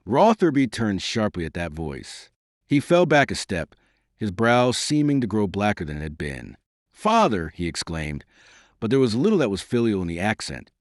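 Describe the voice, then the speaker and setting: Low, lively male audiobook narrator. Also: normal speed, dry recording, clean studio sound. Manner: expressive, theatrical reading. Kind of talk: scripted narration.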